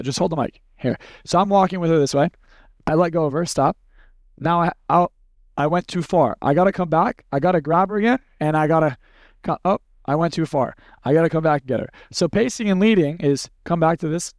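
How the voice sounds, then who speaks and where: Blunt, slightly high-voiced man teaching a workshop. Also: no room sound, studio quality. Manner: blunt, conversational, demonstrates with acted snippets. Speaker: seminar speaker. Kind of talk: live workshop demonstration.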